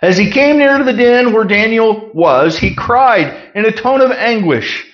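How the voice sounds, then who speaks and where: A man delivers a sermon in a chatty, emphatic way, reading the text and then breaking it down plainly. His voice sits fairly high for a man. The recording is dull and muffled, with little crispness at the top. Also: animated, measured pace. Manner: conversational, reads scripture then explains it plainly. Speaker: Bible teacher. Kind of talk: sermon, Bible teaching.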